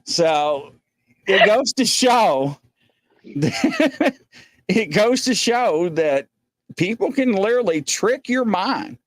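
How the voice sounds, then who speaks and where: A man's voice: high-pitched, very animated, drawn-out words, pauses often, no room sound. A man hosting a casual show, rambling with many fillers as he looks for clips. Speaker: host.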